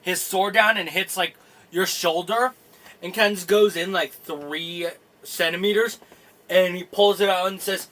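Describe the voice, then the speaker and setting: A man narrating a tabletop game as game master, in halting, rambling sentences full of fillers. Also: high voice, steady tone, pushed and bright.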